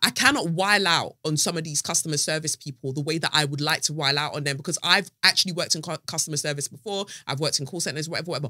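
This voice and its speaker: A woman hosting a podcast, telling a story in an animated, dramatic way and swearing freely. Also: deep voice, rapid-fire, hardly any pauses, no echo, clean studio sound. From United Kingdom. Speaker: podcast host. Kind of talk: casual podcast monologue.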